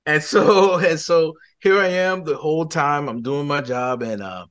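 A man, a podcast guest, giving a personal faith testimony as an animated storyteller who restarts his sentences often. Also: fairly high pitch, measured pace.

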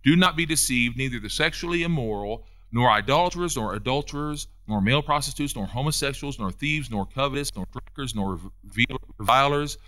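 A man preaching a sermon, repeating lines for emphasis and building to loud, high peaks. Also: animated. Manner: preaching with rising emphatic peaks and quick repetitions.

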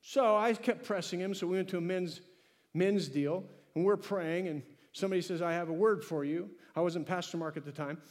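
A pastor delivers a lively sermon with a notably high male voice, acting out conversations with God as he goes. His words ring with a long reverb from the church sanctuary around him. He rises and drops in energy as he preaches. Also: fairly quick.

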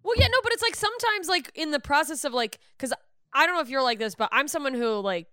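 A woman's voice: high-pitched, lively intonation, fast, sharp tone. A woman comedian and podcast host in casual chat, laughing often and talking in loose, filler-heavy riffs.

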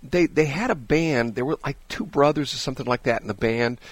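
A man's voice: mid-range voice, a little fast, no room sound. A man hosting a morning radio show, chatting casually and telling rambling stories with chuckles in a studio. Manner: rambling, animated storytelling with chuckles.

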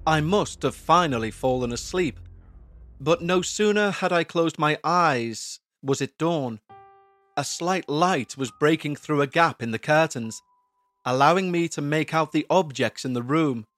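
A man narrating a scripted horror story in a slow, measured, tense way. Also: a little high, fairly bright tone. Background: faint background music.

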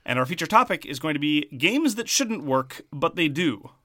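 A man's voice: a little high, sing-song, moderate pace, pushed and bright, no room sound, clean studio sound. Wry pedantic man with Montreal Anglo accent. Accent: Montreal Irish Anglo. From French Canada. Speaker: podcast co-host. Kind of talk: casual podcast chat.

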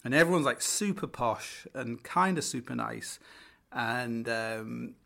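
Northern English bloke, gravelly, rambling host full of ums and swearing. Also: male voice, medium pitch, expressive, slow pace, sharp tone. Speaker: podcast host. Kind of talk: casual storytelling.

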